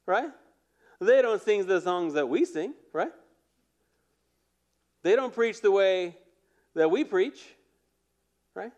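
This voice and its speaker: Guy pastor preaching, kinda high voice, chatty and fired up, keeps asking right?. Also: slow pace, long pauses. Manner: animated, repeatedly asking "right?". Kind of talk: conversational sermon.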